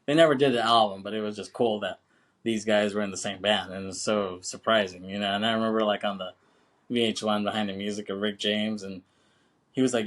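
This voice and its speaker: Laid-back podcast host, laughing and swearing. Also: male voice, fairly low pitch, fairly even intonation, a little fast, a bit bright. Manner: laid-back and chatty, laughs often, swears, keeps saying "you know what I'm saying". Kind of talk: casual film podcast chat.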